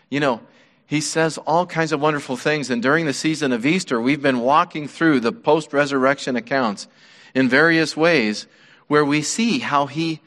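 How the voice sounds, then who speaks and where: A man preaching a sermon as pastor, earnest and measured, his voice dropping softly on key words. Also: medium pitch. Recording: long reverb of a large hall.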